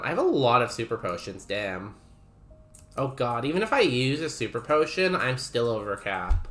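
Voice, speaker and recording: A man's voice: medium pitch, a bit bright. A man streaming a game, chatting casually and rambling while he reads messages from chat aloud.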